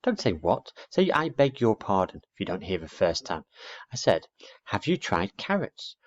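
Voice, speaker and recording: A man's voice: on the low side, sing-song, moderate pace. A man voicing a fussy, prim, short-sighted old lady in a storybook reading, dull lo-fi recording. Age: older. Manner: prim, scolding, genteel.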